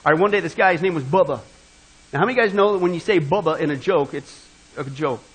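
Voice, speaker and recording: A man's voice: fairly high pitch, fast talker, fairly bright tone, breathy edge. A male pastor preaching in a joking, conversational way, talking straight to the congregation. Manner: joking, conversational, addresses the crowd. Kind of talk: sermon with a told joke.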